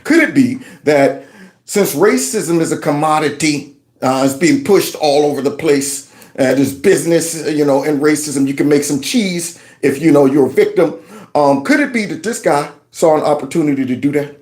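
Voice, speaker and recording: A man's voice: fairly high pitch, normal speed, a little mellow. A man hosting his own channel, reacting to news clips with mocking, sarcastic commentary and talking back to what he plays. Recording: roomy echo.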